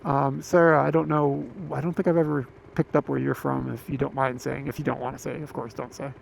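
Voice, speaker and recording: Casual American male streamer, thirties, easygoing rambling chat, gravelly edge, noisy car recording. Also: medium pitch, level tone, brisk. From United States. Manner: rambling, laid-back, laughs often. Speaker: livestream host. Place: inside a moving car on a road.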